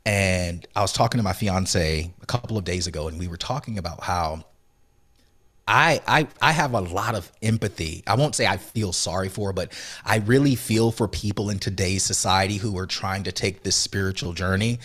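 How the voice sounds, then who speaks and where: Earnest low-voiced man, heartfelt. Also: moderate pace. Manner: earnest, emotional, soft-spoken when recounting, rising with conviction. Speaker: podcast guest, author and motivational speaker. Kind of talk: reflective interview storytelling.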